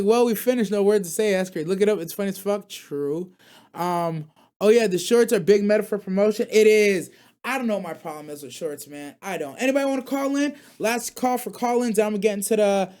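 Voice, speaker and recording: A man's voice: sits high, a little mellow. Slangy rambling male stream host. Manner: rambling, slangy, reads chat aloud and reacts. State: recovering from being sick. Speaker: radio show host. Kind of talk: casual live-stream chat.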